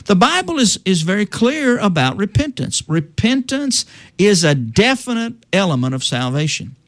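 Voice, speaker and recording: A man's voice: high-pitched, sing-song, moderate pace, no echo, clean studio sound. A middle-aged man explaining salvation in a conversational teaching style, often restarting sentences and quoting scripture in old-fashioned wording. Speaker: preacher.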